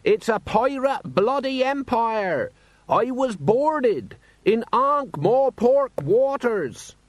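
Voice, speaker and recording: A man voicing a self-righteous male merchant who shouts complaints in a slow, whiny voice. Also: high voice, animated, no room sound, voice pushed up, exaggerated voice. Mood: indignant.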